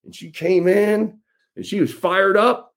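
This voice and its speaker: This candidate speaks in a high, steady, unhurried voice during a campaign address to his followers. His style is folksy and emphatic, with phrases repeated for effect.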